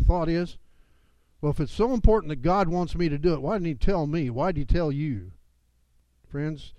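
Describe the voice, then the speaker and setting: A man's voice: a little high, a little mellow, no room sound, low-quality recording. A man preaching a sermon as pastor, with emphatic delivery that rises and falls.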